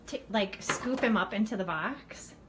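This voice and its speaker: A woman's voice: medium pitch, a little slow, noisy background. A frightened woman in her home kitchen, talking to viewers in a panicky, exclaiming way. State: frightened, shaky. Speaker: vlogger. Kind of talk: casual live video.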